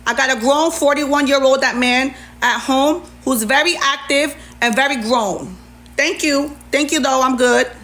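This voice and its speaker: A woman's voice: high-pitched, measured pace, fairly bright tone. A woman, ranting heatedly on a livestream and retelling an argument with plenty of sass. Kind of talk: livestream rant.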